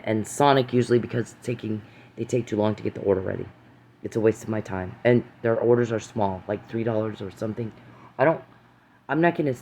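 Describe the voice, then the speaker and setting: A man's voice: on the low side, darkish tone, slight background noise. A man ranting to camera in an angry, rambling way, cursing, accusing, repeating himself and stumbling over restarts. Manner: profane, accusing, repeats phrases, stammering restarts. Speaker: vlogger.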